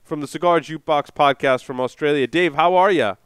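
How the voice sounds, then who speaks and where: Man, host, casual chat, teasing, smooth clear voice, dry mic. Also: a little high, fairly bright tone, no echo. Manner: upbeat, teasing, quick interjections. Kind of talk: casual podcast hosting.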